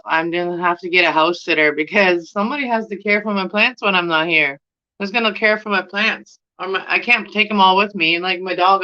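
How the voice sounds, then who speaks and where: A woman's voice: fairly low pitch, bright, forceful tone, clear, resonant tone, lo-fi sound. A middle-aged Canadian woman with a Canadian accent, chatting casually to camera in a rambling, giggly way. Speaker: plant vlogger.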